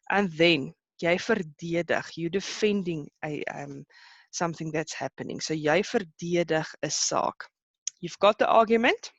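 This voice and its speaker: A teacher leads a live online lesson, explaining patiently and often pausing to think aloud. The voice sits in a middle range. The recording sounds dull and lo-fi, with a dry, close sound. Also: mid-range voice, no echo. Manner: explains patiently, switching between English and Afrikaans terms then translating; thinks aloud with frequent fillers and restarts.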